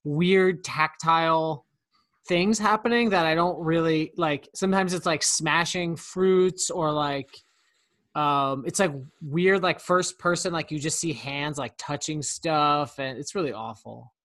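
A man's voice: fairly high pitch, unhurried, fairly bright tone. A man co-hosting a podcast in casual chat, rambling with lots of fillers. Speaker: podcast co-host.

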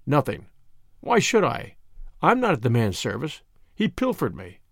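A man reading an audiobook, voicing a doctor who talks in a quick, nervous and irritable way with dry sarcasm. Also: mid-range voice, huge pitch swings, vocal fry, slightly rough, no echo, full character voice. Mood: curt. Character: curt, sardonic male doctor.

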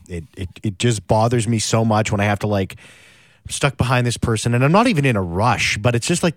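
A man's voice: fairly low pitch, no echo, studio quality. A man on a radio panel ranting in exasperation and laughing at his own complaints. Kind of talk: casual radio panel chat.

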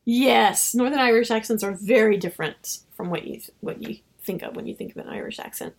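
Gravelly-voiced woman telling a story. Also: a little high, a little fast. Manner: animated, acts out her own dialogue with laughs. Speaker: novelist guest. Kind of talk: casual interview storytelling.

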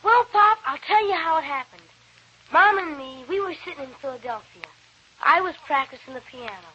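A chirpy, eager young boy, played by a woman, chatters in a high, bright voice. It is 1940s radio acting, heard through the dull sound of an old broadcast. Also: lively intonation. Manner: chirpy, quick storytelling. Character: cheerful, eager young boy, son of the ballplayer.

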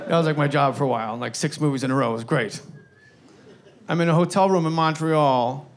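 A middle-aged male comedian working through a stand-up story with a slightly high voice. He rambles from one detail to the next and swears freely as he builds the tale. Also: fast talker. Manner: profane, rambling anecdotal delivery.

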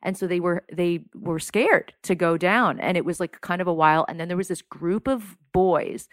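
A woman guest on a podcast, chatting casually and telling a story with lots of "like" and quick asides. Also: fairly low pitch, no room sound, clean studio sound. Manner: animated storyteller, heavy use of "like". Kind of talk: casual chat.

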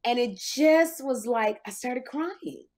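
A woman in her fifties hosting a talk show, telling stories in an animated, emotional way. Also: a little high, slow. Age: 50s. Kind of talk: casual podcast chat.

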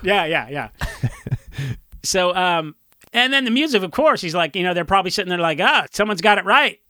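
Punk musician guy, rambling animated stories, bright voice, pitched a bit high. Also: normal speed, clear, resonant tone, dry recording, studio quality. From Orange County, California. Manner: rambling, animated storytelling with acted-out quotes. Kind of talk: casual interview chat.

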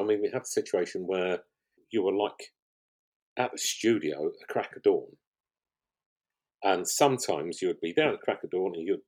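An older man talks as a podcast guest, and his voice sits very low with a husky grain to it. He tells his stories in a loose, rambling way, often restarting his sentences. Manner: rambling, warm storytelling with frequent restarts. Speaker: guest, pottery show finalist. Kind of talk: conversational podcast interview.

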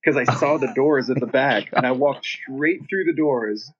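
A man's voice: mid-range voice, measured pace, husky, muffled recording. A man, a band singer, telling a long story in casual chat, rambling and swearing freely.

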